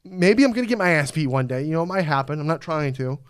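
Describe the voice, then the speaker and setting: A man in casual podcast chat, with a slightly high, smooth, crisp voice. He talks in an animated, profane way and loudly acts out quotes. The sound is dry and close. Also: fast, no room sound. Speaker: podcast host.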